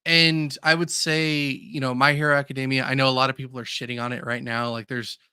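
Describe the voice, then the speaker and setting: Bright-voiced earnest podcast man. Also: mid-range voice, level tone, fairly quick, clean tone, no room sound, studio quality. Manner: earnest, openly emotional, hesitant with "um"s. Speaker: podcast co-host. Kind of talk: casual chat.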